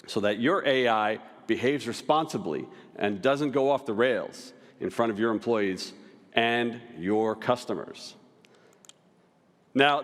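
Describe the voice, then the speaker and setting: A middle-aged man presenting a live product demo at a conference, upbeat and chatty, with casual asides, speaking into a stage microphone in a large hall. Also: mid-range voice. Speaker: tech executive presenting a conference session. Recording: hall with long reverb.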